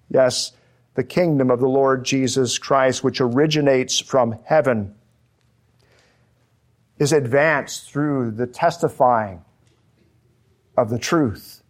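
A man preaching an expository sermon, slow and emphatic, repeating key phrases for weight. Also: medium pitch, darkish tone.

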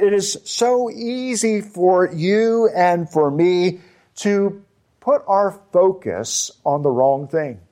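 A man preaching a sermon, slow and emphatic, with deliberate pauses on key words. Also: on the high side, a little mellow. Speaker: pastor.

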